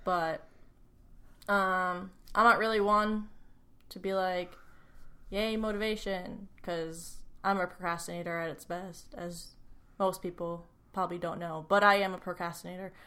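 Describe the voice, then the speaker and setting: A woman co-hosting a podcast as a trainer, chatting in a relaxed, laid-back way. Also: on the low side, normal speed. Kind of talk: casual podcast chat.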